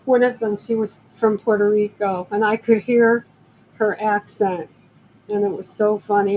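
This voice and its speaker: A woman's voice: medium pitch, steady tone, a little slow, slight background noise, low-quality recording. An older woman selling jewelry on a live stream, telling rambling stories and greeting viewers as they drop in. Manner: chatty, rambling storyteller who greets viewers. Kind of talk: casual live-stream chat.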